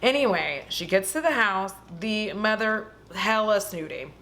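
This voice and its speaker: A woman hosting a casual vlog, retelling a film in an animated, profane storytelling way. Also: mid-range voice, measured pace, slight background noise. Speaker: host. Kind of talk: casual movie recap vlog.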